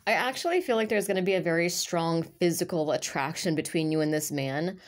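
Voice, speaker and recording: A woman with a slightly low voice chats through a tarot reading for her audience. She rambles from thought to thought with a loose, filler-heavy flow. The tone stays casual and conversational throughout. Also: expressive, fairly quick. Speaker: tarot reader.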